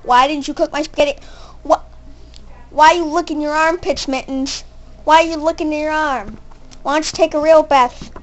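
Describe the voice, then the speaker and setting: A woman's voice: high-pitched, steady tone, normal speed. A woman scolding her cat in a nagging, repetitive, demanding way. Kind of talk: mock-scolding a pet.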